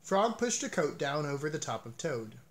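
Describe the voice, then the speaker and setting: A man reading a children's picture book aloud as narrator, with an expressive, animated delivery. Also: on the high side, normal speed.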